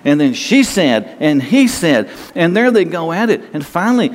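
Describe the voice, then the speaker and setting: A man's voice: on the high side, big pitch swings, moderate pace, hardly any pauses, in a large hall, a little hiss or hum. A man preaching a sermon as pastor, folksy and conversational, often stammering and restarting.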